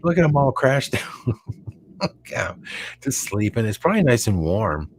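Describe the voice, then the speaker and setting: A man with a Texan accent co-hosting a live show in casual chat, rambling and halting with many restarts. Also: mid-range voice, big pitch swings, a little hiss or hum.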